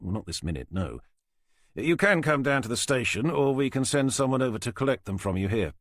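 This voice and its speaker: A man voicing a calm police inspector who questions in a measured, dry, firm way. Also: mid-range voice, dry recording, pitched above the performer's own voice, lightly acted.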